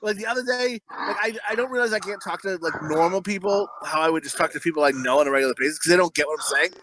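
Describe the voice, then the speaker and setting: A man's voice: high voice, quick pace, bright, forceful tone, a little hiss or hum, poor audio. A man in his thirties co-hosting a podcast, telling crude stories in a rambling way, full of fillers. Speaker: podcast co-host. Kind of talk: casual podcast banter.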